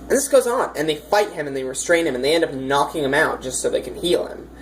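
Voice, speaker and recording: Woman game master, low voice, chatty and rambling, faint hiss on the track. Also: animated, fast talker, low-quality recording. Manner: chatty, rambling, many fillers, amused. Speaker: dungeon master. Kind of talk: casual storytelling of a tabletop campaign.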